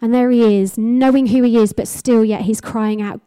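Female preacher, sermon, warm and slightly high voice, passionate and emphatic with repeated phrases. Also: fairly even intonation, normal speed, hardly any pauses, clear, resonant tone, dry recording.

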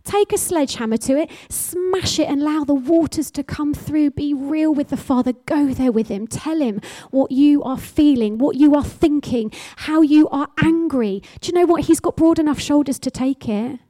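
Warm, fervent woman preacher. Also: high voice, moderate pace, hardly any pauses, no echo. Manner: passionate, emphatic exhortation with repeated phrases. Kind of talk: sermon.

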